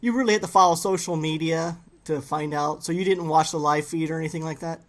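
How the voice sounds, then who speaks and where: A man's voice: on the high side, fast. A man hosting a podcast, telling stories in a casual, teasing way. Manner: animated storyteller, teasing. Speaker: podcast host. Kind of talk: casual chat.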